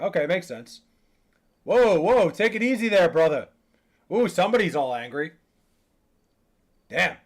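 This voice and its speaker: Young guy venting on a stream, kinda higher voice, swears a lot, keeps restarting. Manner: frustrated, profane, restarts a lot. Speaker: livestreamer. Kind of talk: casual live chat reacting to comments.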